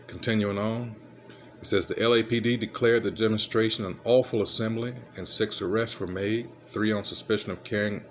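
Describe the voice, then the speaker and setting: A man casually reading news articles aloud and commenting, halting and muttering asides as he fumbles with his device. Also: lowish voice, a little hiss or hum.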